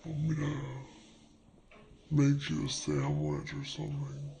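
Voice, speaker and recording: Guy doing a slowed-down flirty gal fussing over her man, super draggy and gravelly, comedy bit. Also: fairly high pitch, completely flat delivery, noisy background, heavily acted. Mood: doting. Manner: drawn-out, halting and teasing. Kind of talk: slow-motion comedy skit.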